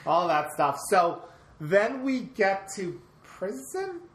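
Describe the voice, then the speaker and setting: A woman's voice: mid-range voice, big pitch swings, slow pace, reverberant, a crowd in the background. A woman co-hosting a podcast, casually recounting a movie's plot step by step, her sentences often trailing off. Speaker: podcast co-host. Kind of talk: casual movie recap chat.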